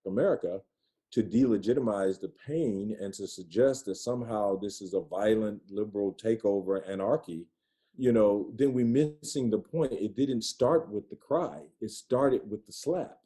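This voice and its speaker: A man's voice: lowish voice, normal speed, mellow. A man speaking as a podcast guest, passionate and driving his points home through repetition. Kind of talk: conversational interview.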